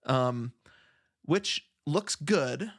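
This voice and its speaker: Podcast guy cracking jokes, slightly higher pitched voice, easygoing chat. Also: lively intonation, extremely slow, breathy edge. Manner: joking, easygoing, thinks aloud with restarts. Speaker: podcast co-host. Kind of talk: casual chat about a film.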